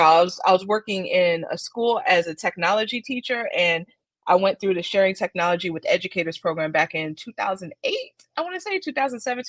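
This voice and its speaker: A woman's voice: medium pitch, fairly bright tone, no echo. A woman answers interview questions about her work in an easy, chatty way. She laughs often and sounds bubbly. Her voice sits in a middle range and is recorded dry and close, with no room sound. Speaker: author and founder being interviewed. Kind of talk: casual video interview. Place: home, child nearby.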